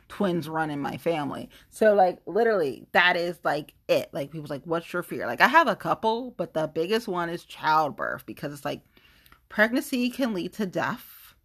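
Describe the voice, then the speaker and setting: A young woman with a lowish voice that swings widely up and down as she talks. She rambles through stories in a loose, casual monologue, full of fillers. Her opinions come out blunt and firm. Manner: rambling, animated storytelling with many fillers. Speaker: vlogger sharing opinions.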